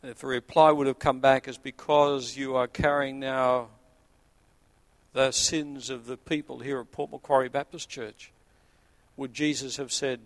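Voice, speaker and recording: A man, a pastor delivering an earnest sermon that swells to emphatic peaks and sinks to quiet low points. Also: flat delivery, measured pace, no room sound. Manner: earnest preaching, rising to emphatic peaks then dropping low.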